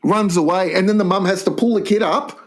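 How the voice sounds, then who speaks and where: A man's voice: high voice, fairly quick. A man co-hosting a crude comedy podcast, swearing constantly and acting out the voices in his stories. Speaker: podcast co-host.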